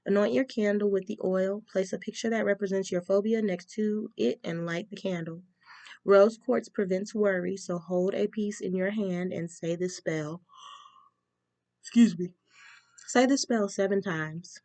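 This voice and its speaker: A woman's voice: medium pitch, fairly even intonation, measured pace, dark tone, no echo. A woman giving a casual tarot reading, chatty and reading spell instructions aloud with frequent ums. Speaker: tarot reader.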